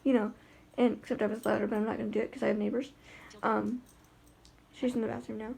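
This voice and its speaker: Woman vlogger just chatting, kinda husky and raspy, lots of ums and likes. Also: fairly high pitch, flat delivery, fast talker, a little mellow. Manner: chatty and rambling, many fillers and restarts. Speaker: vlogger with a guide dog. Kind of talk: casual vlog chat.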